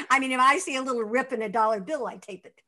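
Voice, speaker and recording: Older woman telling a lively anecdote. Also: high voice, quick pace. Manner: lively, laughing raconteur acting out quotes. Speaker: actress guest. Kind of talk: anecdotal interview storytelling.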